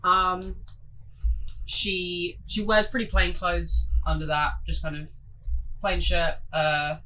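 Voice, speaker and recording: A woman's voice: lowish voice, level tone, takes it slowly, sharp tone, a little hiss or hum, low-quality recording. A woman casually introducing her tabletop game character, chatty and laughing as she goes off on tangents.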